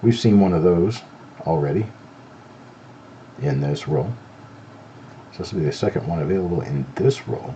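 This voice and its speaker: A man's voice: low voice, expressive, moderate pace, long pauses, dark tone, muffled recording, a little hiss or hum. A middle-aged man hosting a live show, chatting in an easygoing way while he looks over items one by one. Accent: no southern accent. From not from North Carolina. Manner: easygoing, talks while examining coins. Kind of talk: casual live-stream chat.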